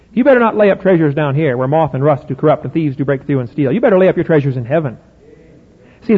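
Man, middle-aged preacher, folksy and emphatic, husky voice, phone-like sound, long hall reverb. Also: high-pitched. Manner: folksy, emphatic, rhetorical questions. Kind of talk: sermon.

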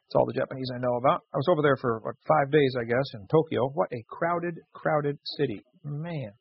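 A man's voice: mid-range voice, fairly quick, vocal fry, husky, no echo. A man hosting a radio show, reading listener letters aloud and telling jokey stories with frequent laughs. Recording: dull lo-fi radio recording.

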